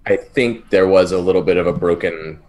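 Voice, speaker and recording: A man playing a tabletop game, chatty and quick to laugh. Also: low-pitched, a little mellow. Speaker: player. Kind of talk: casual tabletop game chat.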